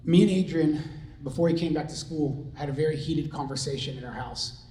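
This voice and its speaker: A middle-aged father shares his testimony in an earnest, conversational way, stumbling through fillers and restarts. His voice sits a little high and sounds mellow and soft-edged. The room around him rings with echo. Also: a little fast. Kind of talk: personal testimony talk. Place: large room with an audience. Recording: echoey room.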